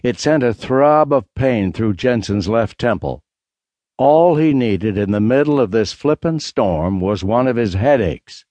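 A man narrating a mystery audiobook in a steady, measured read. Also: mid-range voice, no echo. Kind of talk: scripted narration.

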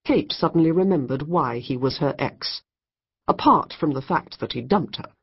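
A woman narrating a comic novel in a wry, measured storytelling manner. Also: low voice, animated, husky, highs cut off. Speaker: audiobook narrator. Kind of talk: scripted narration.

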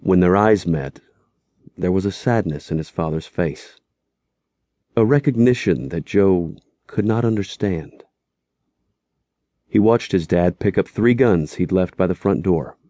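A man narrating an audiobook in a steady, measured storytelling voice. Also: low voice, no room sound.

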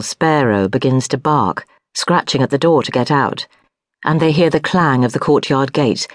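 A woman narrating a historical novel for an audiobook, reading in a measured, unhurried way. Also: very deep voice, a little mellow, no room sound, studio quality.

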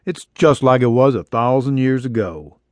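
A man voicing an earnest, soft-spoken cowboy in his twenties in an audiobook. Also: mid-range voice, expressive, normal speed, no room sound, lightly acted. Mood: tender.

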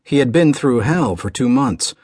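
A man narrating an audiobook in a measured, dramatic storytelling delivery. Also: medium pitch, expressive, a little mellow, slightly rough, dry recording, clean studio sound.

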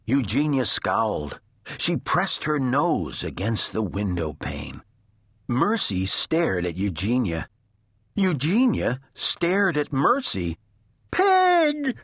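Slow, expressive male storybook narrator. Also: mid-range voice, husky, no room sound, clean studio sound. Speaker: audiobook narrator. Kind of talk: children's audiobook narration.

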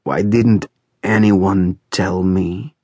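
A man's voice: low voice, sing-song, breathy edge, no room sound, exaggerated voice. A man playing a cold, ancient patriarch. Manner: slow, quiet, cold. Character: very old, cold, powerful man.

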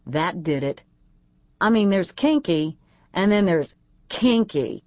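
A woman narrating a first-person audiobook in a lively, wry storytelling manner. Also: on the low side, slow, dry recording, highs cut off.

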